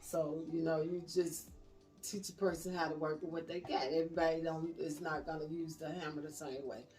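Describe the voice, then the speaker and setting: Woman, lowish voice, earnest and insistent, a bit far from the mic, casual chat. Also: level tone, brisk, a little mellow, soft background music. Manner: earnest, repeats her point. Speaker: panelist.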